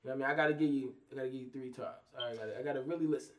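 A man's voice: mid-range voice, racing, far from the mic. A man hosting a casual podcast, telling stories with loose, profane banter. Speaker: podcast host.

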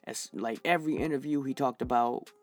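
A man's voice: medium pitch, a little fast. A man hosting a solo podcast, reviewing fights in a heated, profane rant full of fillers while getting over an infection. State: recovering from infection, dehydrated.

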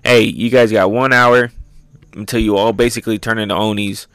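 A man's voice: on the low side, fairly even intonation, fairly quick, a bit bright, smooth, no room sound, poor audio. A man voicing a gleeful, taunting villainous male pirate boss with showy, mocking delivery.

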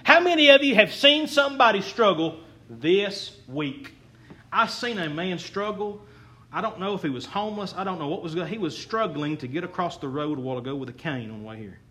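A man's voice: high-pitched, animated, brisk, pushed and bright. A young man preaching a sermon as a pastor, folksy, earnest and self-deprecating.

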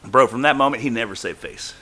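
A man's voice: medium pitch, fast talker, crowd noise. A man telling a story casually on a podcast, swearing freely and acting out other people's lines. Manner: profane, animated, acts out quoted voices.

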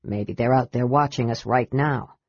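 A woman voicing a gruff old male dwarf warrior in a storybook reading, in a deep grumbling voice. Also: normal speed, darkish tone, dry recording, exaggerated voice. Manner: gruff, muttering, low growl. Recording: dull dry recording.

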